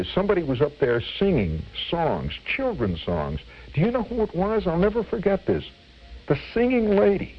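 An older man from Indiana recalls a wartime memory with a gravelly, lively voice that swings up and down, often restarting his phrases. The radio recording sounds dull and lo-fi, with faint music underneath. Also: medium pitch. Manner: animated reminiscing, restarts phrases. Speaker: storyteller. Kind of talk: personal war memory told on radio.

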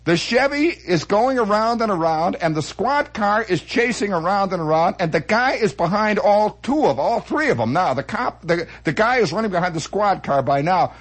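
Male comic monologist, high voice with a husky edge, animated delivery full of sound effects. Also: moderate pace, few pauses. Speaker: storyteller.

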